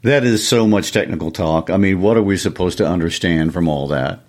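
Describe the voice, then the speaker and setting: A man's voice: deep voice, a little fast, darkish tone. A man co-hosting a podcast in casual chat, wry and questioning. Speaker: podcast co-host.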